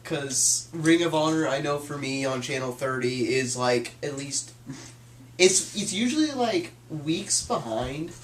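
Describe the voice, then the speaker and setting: A man's voice: fairly high pitch, lively intonation, a little slow. A young man co-hosting a casual chat, joking and teasing. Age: young adult. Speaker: co-host. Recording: echoey room.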